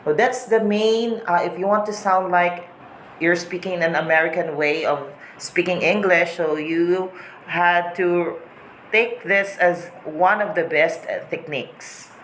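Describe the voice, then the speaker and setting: Woman, teacher, repeats words slowly, echoey room, faint background noise. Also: fairly low pitch, fairly even intonation, a bit bright. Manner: slow, repeats example words to model pronunciation. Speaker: English teacher. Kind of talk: recorded lesson on English accents.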